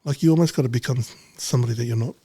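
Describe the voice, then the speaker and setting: A man's voice: mid-range voice, very fast, warm tone, slightly rough, dry recording. A middle-aged man talking bluntly in casual chat, swearing freely and rambling. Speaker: podcast guest, businessman.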